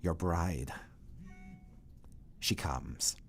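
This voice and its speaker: A man voicing a pallid young male vampire thrall, courtly and sinister, who speaks low and hushed, sometimes in a whisper. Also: unhurried.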